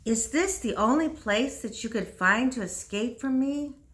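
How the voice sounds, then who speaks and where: A woman reading aloud and voicing a bitter, desperate old man who speaks in an urgent hushed tone. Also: a little high, expressive, unhurried, voice pushed up. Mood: urgent menace. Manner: urgent, hissing whisper.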